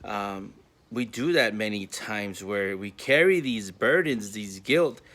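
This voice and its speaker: A man's voice: lowish voice, takes it slowly, fairly bright tone. A man from a school community telling a story with a moral from home, casual and earnest, full of fillers. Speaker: school staff member.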